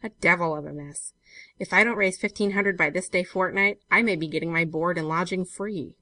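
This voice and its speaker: A woman doing a sly, sardonic gentleman cousin. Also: on the low side, fairly quick, dry recording. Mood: scheming. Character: scheming young male gentleman cousin, sly and mocking. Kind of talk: audiobook reading.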